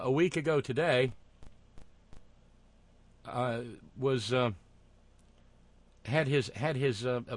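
A man hosting a talk show, delivering sardonic, wry commentary with frequent fillers and halting restarts. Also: a little high, dry recording.

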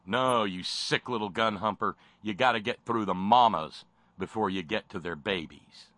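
A man's voice: fairly low pitch, moderate pace, sharp tone, no echo. A man hosting a talk show, delivering sarcastic, impassioned commentary with frequent stammered restarts.

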